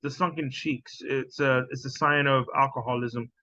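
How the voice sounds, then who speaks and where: A man's voice: mid-range voice, fairly even intonation, normal speed, sharp tone, no room sound, dull audio. Scornful profane man ranting on a podcast. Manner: scornful, profane, repeats himself. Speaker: podcast host reacting to clips. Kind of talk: casual commentary.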